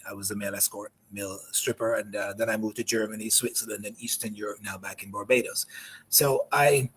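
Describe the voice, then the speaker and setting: A man in his fifties speaking as a guest on a live talk show, asking probing questions in a measured, frank way. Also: medium pitch, breathy edge.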